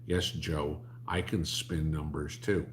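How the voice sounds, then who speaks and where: A man's voice: very deep voice, little pitch movement, slow pace, slight background noise. A man, hosting a livestream and answering chat in a blunt, rambling, sarcastic way.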